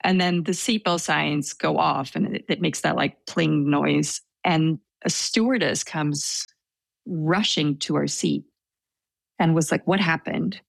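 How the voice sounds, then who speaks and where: A woman's voice: sits low, takes it slowly, creaky, no echo. A woman recounting a personal story in a casual interview, hesitant and self-deprecating, with frequent fillers and small laughs.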